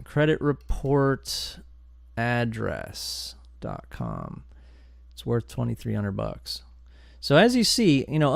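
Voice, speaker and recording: A man hosting a domain investing channel, talking through a live screen-share tutorial in an excitable, chatty way, thinking aloud as he goes. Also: mid-range voice, gravelly, no room sound, clean studio sound. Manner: excitable and chatty, bursts of enthusiasm and groans.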